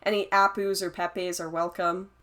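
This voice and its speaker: A woman's voice: lowish voice, flat delivery, normal speed, fairly bright tone. Chatty young woman livestreamer. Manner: chatty, laughs often, answers chat comments. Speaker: livestream host reading chat. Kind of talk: casual livestream chat.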